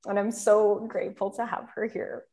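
A woman's voice: medium pitch, level tone, moderate pace, background noise. Bubbly woman podcast host. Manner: gushing, laughs often. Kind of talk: casual podcast chat.

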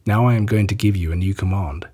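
A man voicing Jesus as a calm, solemn teacher, speaking in a measured way as he reads a gospel story aloud. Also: low voice, slightly rough.

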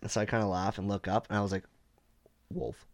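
Lively man spinning a hunting tale. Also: lowish voice, racing, no room sound, clean studio sound. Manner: animated storyteller, acts out quotes. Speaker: hunter telling a trip story. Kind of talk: casual chat.

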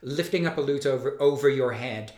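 A man's voice: medium pitch, fairly quick. Wry man in an echoey room. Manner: wry, lively, hesitant restarts. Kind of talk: scholarly discussion. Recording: roomy echo.

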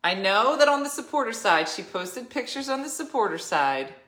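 A woman's voice: fairly high pitch, normal speed. A middle-aged woman hosting a casual chat, telling a funny story with frequent laughter and acted-out voices. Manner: animated, laughs often, acts out quoted people. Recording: roomy echo.

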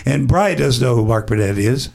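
A man telling an animated, profanity-laced anecdote as a podcast guest, acting out what others said. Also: medium pitch, moderate pace, gravelly. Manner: acts out other people's lines. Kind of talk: casual storytelling.

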